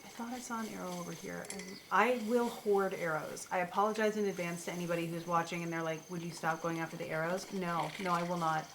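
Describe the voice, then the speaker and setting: A woman's voice: mid-range voice, noisy background. A woman streaming a video game, chatting casually as she plays and talking to the creatures on screen and to her chat. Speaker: streamer and astrologer. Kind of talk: casual gameplay commentary.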